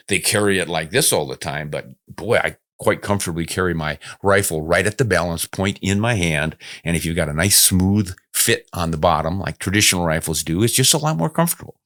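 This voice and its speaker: A man's voice: low voice, fairly bright tone, no room sound, clean studio sound. An older man hosting a podcast, answering viewer comments in a casual, good-humored, self-deprecating way. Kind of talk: casual chat.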